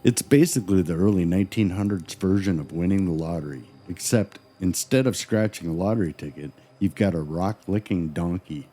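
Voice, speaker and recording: A man's voice: deep voice, brisk, few pauses. A man co-hosting a podcast, cracking goofy jokes and wisecracks during the story. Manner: goofy, wisecracking, with loud joke yells. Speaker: podcast co-host. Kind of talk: scripted podcast banter.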